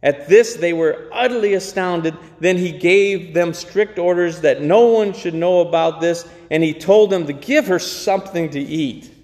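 Male pastor, sermon delivery, deliberate pace with dramatic pauses, church reverb. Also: high voice, a little mellow. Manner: slow, emphatic preaching with dramatic pauses.

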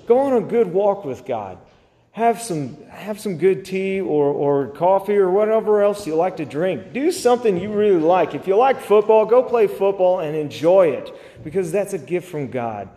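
A man's voice: high voice, expressive, normal speed, dark tone, big-room sound. A man preaching a sermon as a pastor, pleading and impassioned, repeating his phrases.

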